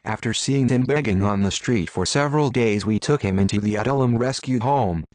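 A man narrating an audiobook in a measured, solemn reading. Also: mid-range voice, darkish tone, no echo. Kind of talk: scripted narration.

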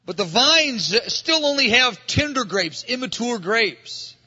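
Male preacher, earnest sermon, high voice, long hall reverb, dull lo-fi recording. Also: very animated, a little slow, bright, forceful tone, slightly rough. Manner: earnest, acts out dialogue, repeats phrases. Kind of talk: sermon teaching.

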